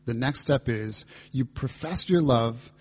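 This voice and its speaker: A man's voice: mid-range voice, measured pace, darkish tone, slightly rough. A man pastor preaching a reflective, earnest sermon, reading and voicing scripture dialogue as he explains it.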